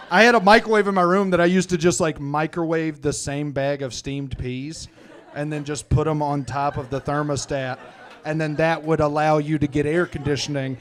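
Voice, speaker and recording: A man from Missouri telling a rambling, animated story on stage, swearing freely as a comedy co-host in a live Q&A. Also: fairly high pitch.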